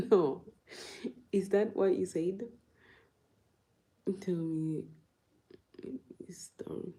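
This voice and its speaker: A woman's voice: lowish voice, steady tone, drawn-out words, pauses often, warm tone, poor audio. Easygoing woman chatting on a livestream. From Uganda. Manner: chatty, laughs often, reads and answers viewer comments. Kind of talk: casual live-stream chat.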